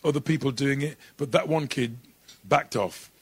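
A middle-aged man from England, an impressionist, telling animated stories in an interview and slipping into voices. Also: mid-range voice, moderate pace, slightly rough. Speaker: impressionist guest. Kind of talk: interview storytelling.

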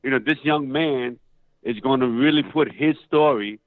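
A middle-aged man spins a story in an interview, casual and animated, jumping into other voices as he goes. His sound is dry and squeezed down to a tinny, phone-like band. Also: medium pitch, moderate pace, dry recording. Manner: animated, acts out quoted voices loudly. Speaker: actor guest.

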